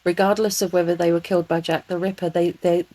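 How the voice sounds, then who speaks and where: A woman with a London accent co-hosts a casual podcast, talking through case details in an earnest, relaxed way. Her voice sits a little low for a woman. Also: quick pace, no room sound, low-quality recording. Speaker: podcast co-host. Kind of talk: casual chat.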